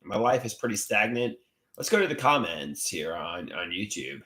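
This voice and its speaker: A man's voice: lowish voice, very animated, normal speed, sharp tone. A man hosting a casual livestream, rambling, repeating himself and greeting viewers by name as he reads their comments. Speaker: livestream host.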